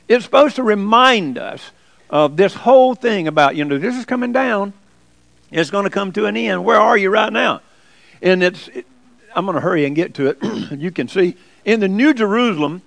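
High-voiced preacher, folksy. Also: male voice, vocal fry, no room sound. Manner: folksy storytelling, rising to emphatic preaching. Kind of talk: sermon.

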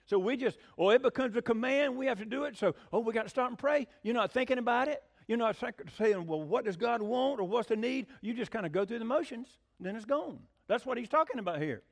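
A man preaching a sermon in an animated, folksy, conversational way. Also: creaky. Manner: animated, folksy, with swooping pitch. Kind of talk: sermon teaching.

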